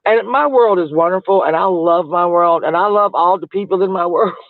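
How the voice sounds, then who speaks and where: A man's voice: high-pitched, a little fast, no room sound. A man chatting in a rambling, casual way on a livestream, laughing often and trailing off mid-thought. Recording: tinny phone-like dry audio.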